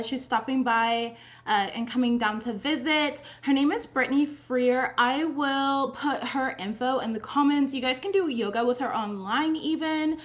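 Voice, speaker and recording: A young adult woman giving a casual tarot reading, chatty and profane, often laughing. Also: sits high. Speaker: tarot reader.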